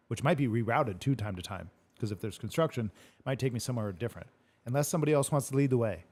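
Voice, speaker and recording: Guy talking fast and casual, cusses a lot, acts out his stories. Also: medium pitch, animated, a little mellow, husky. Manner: swears a lot, retells arguments animatedly. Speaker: podcast host. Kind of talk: casual chat.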